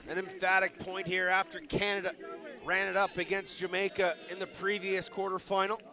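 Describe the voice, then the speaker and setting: A man calling a lacrosse game live, rattling off names quickly and shouting on goals and saves. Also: high voice, level tone. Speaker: play-by-play commentator. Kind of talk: live sports commentary. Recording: loud stadium crowd behind.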